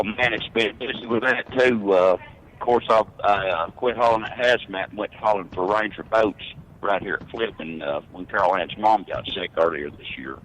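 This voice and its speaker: A middle-aged truck driver calling in by phone, chatting easygoingly with lots of fillers. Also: male voice, low-pitched, a bit bright, a little hiss or hum. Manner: easygoing, rambling with many fillers. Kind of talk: casual phone chat. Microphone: telephone. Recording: phone line.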